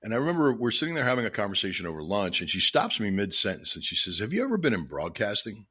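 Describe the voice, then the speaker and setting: A man's voice: on the low side, sing-song, fast, sharp tone, husky. A middle-aged man hosting his own podcast, telling a personal story alone in an earnest, heartfelt way with many restarts. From Florida. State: choked up with emotion. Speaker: podcast host. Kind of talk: reflective solo podcast monologue.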